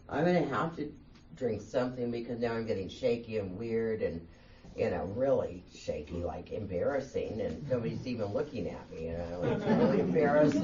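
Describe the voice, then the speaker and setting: A woman's voice: very deep voice, mellow. A woman guest speaker telling her own story at a meeting, candid and self-mocking, laughing as she talks. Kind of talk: personal storytelling talk. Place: meeting room. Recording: distant, dull, faint room hiss.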